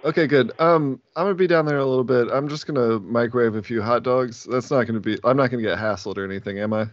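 A man's voice: mid-range voice, quick pace, no echo. A man making a prank phone call, drawling and fake-polite. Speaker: prank caller.

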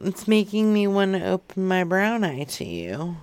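A man's voice: high voice, big pitch swings, moderate pace, smooth. A man playing a tipsy, flirty woman caller on a prank phone call, drawling lewd come-ons.

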